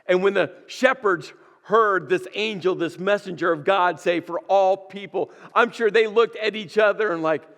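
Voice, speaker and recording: A man's voice: high-pitched, normal speed, hardly any pauses, a bit bright, in a large hall. A man preaching a sermon as pastor, emphatic and repeating key words for weight. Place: church sanctuary.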